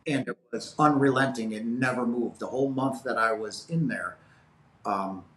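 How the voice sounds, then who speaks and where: A man's voice: medium pitch, moderate pace, fairly bright tone. A man in his fifties, a guest telling a personal story in an interview, earnest and rambling with many fillers. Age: 50s. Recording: roomy echo.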